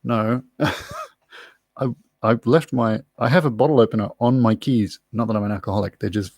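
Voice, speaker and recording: Gravelly quizmaster, dry and rambling. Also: male voice, lowish voice, a little mellow, no room sound. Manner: chatty, rambling, self-mocking asides. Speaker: quiz host. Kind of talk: live online pub quiz hosting. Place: room at home.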